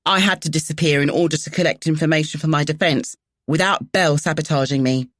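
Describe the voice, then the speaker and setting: A man's voice: a little high, quick pace, a bit bright, dry recording, studio quality, lightly acted. A woman voicing an earnest, apologetic young man with a broad London accent. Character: earnest young male fugitive, apologetic and loyal.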